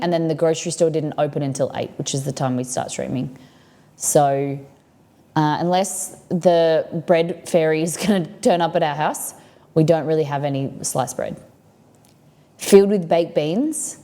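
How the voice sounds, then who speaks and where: A woman's voice: sits low, mellow. Chatty Australian woman hosting a stream. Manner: rambling and chatty, reads viewer comments aloud. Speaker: cooking stream host. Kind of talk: casual livestream chat. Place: home kitchen.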